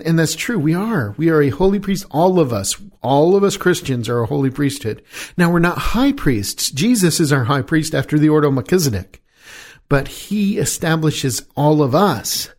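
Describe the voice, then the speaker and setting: A middle-aged man preaching a sermon, asking rhetorical questions and slowing down on the key phrases. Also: a little high, darkish tone.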